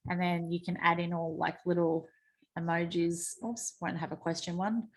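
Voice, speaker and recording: An Australian woman hosting a team training call, chatty and quick to joke at her own typing slips. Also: lowish voice, little pitch movement. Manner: chatty, self-mocking, exclaims over slips. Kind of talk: screen-share training call. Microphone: video call.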